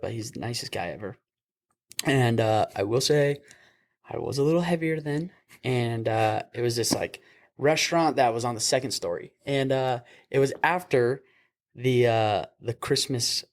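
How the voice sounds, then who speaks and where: A man's voice: medium pitch, moderate pace. Laughing young man telling a story. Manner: animated, acts out voices in his stories, laughs often. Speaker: paramedic podcast host. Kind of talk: casual storytelling over beers.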